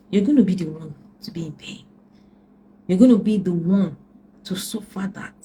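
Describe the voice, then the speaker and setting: A woman's voice: medium pitch, dark tone, slight background noise, rough recording. A woman relationship coach giving earnest advice, emphatic and repetitive, often dropping to a near whisper. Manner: emphatic, repeats key lines, drops to near whispers.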